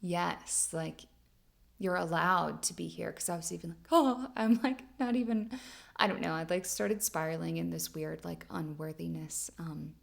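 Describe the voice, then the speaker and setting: A woman's voice: on the low side, fairly even intonation, normal speed, vocal fry. A woman hosting a podcast, telling a personal story in a chatty way, with lots of "like" fillers and frequent laughs. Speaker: podcast host. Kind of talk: casual storytelling monologue.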